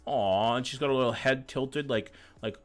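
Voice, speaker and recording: A man's voice: medium pitch, moderate pace. A male streamer chatting casually and reacting to viewers' pet photos, loose and jokey with lots of swearing. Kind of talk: casual livestream chat. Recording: faint music in background.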